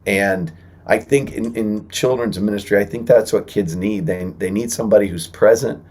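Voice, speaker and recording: A man with a fairly low voice speaks as a podcast guest. He tells stories in a lively, building way, and he slows to an earnest tone when he gives advice. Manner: animated storyteller, earnest when encouraging. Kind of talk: storytelling interview guest.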